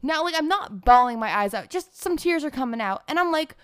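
A woman's voice: sits high, expressive, fairly quick, a bit bright, dry recording, clean studio sound. A young adult woman telling a candid, profane confessional story to her viewers, laughing often. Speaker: vlogger.

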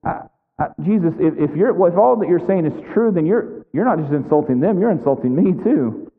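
A man's voice: a little high, lively intonation, fairly quick. A man preacher voicing an indignant male lawyer who stammers out a protest. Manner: flustered, stammering objection. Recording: tinny phone-like sound with long hall reverb.

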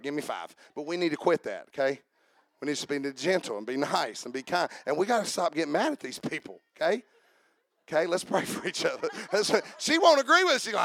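A man preaching a sermon as pastor, joking with the congregation and building to shouted passages. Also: on the high side, dry recording.

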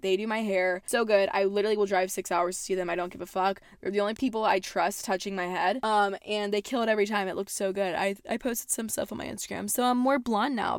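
A young woman of eighteen hosts her own podcast from home and tells stories in a chatty, animated rant. She swears all the time but keeps a bubbly tone, and her voice sits in an ordinary middle pitch. The sound is dry and close, with no room echo. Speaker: podcast host. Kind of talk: casual podcast storytelling rant. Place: at home, indoors.

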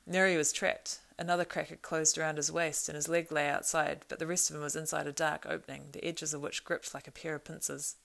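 Low, gravelly woman reading a story. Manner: measured, expressive reading. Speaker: audiobook narrator. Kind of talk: storybook narration.

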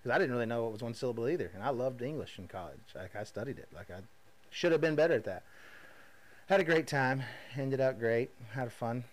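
A man, hosting a podcast and telling stories in a casual, folksy, energetic way full of asides. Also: mid-range voice, fairly quick. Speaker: podcast host. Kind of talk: casual monologue.

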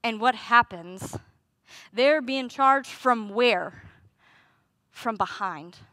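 A woman delivers a sermon in a high, bright voice. She talks conversationally, with rhetorical questions and lively asides. The sound is close and dry. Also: extremely slow, no room sound. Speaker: preacher.

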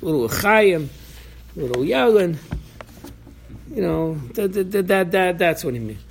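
A man's voice: sits high, sing-song, a little slow, gravelly, a little hiss or hum. A man giving an informal Torah class, talking animatedly, acting out voices from the story, and often restarting his sentences. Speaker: Torah teacher.

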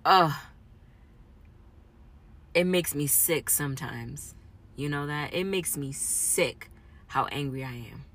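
A woman in a raw, emotional personal monologue, moving between quiet reflection and angry outbursts. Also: low voice, unhurried.

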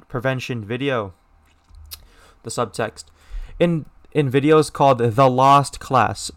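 A man's voice: medium pitch, clean tone. A young American man hosts a casual solo podcast, reading a news piece and then commenting on it. He talks bluntly and swears freely. He often stops mid-word to restart his sentences. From United States. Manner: blunt and profane, with many restarts and mocking voices. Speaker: podcast host.

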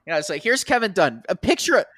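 High-voiced man ranting profanely. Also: big pitch swings, brisk, bright, forceful tone, no echo, clean studio sound. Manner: ranting, profane, mimics people in quotes. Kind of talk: casual profane chat.

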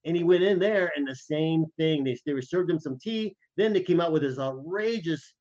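A man's voice: a little high, normal speed, darkish tone, highs cut off. A man co-hosting a podcast, telling anecdotes casually and animatedly, acting out the other people's voices. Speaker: podcast co-host. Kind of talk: casual storytelling chat.

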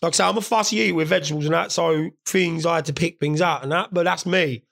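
A man's voice: fairly high pitch, fast talker, gravelly, a bit bright. A man in his thirties with a British accent, telling rambling, sweary comic stories about his day in laddish banter. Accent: British English. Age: 30s. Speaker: vlogger.

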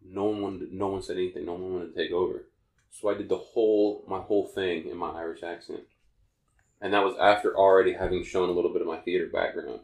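Deep-voiced man rambling in an echoey room. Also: level tone, fast talker, a little mellow. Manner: rambling, self-correcting storyteller. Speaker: podcast co-host. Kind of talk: casual podcast chat.

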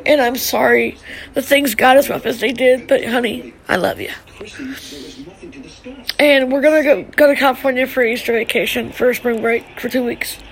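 A middle-aged woman on a live stream giving an emotional personal message to her family. She talks in a halting, tearful way, with sighs and restarts. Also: sits high, fairly even intonation, poor audio.

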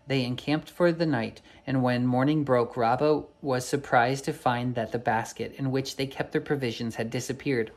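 A man's voice: medium pitch, steady tone, normal speed, few pauses. A man reading an old storybook aloud, unpolished, with occasional slips and self-corrections.

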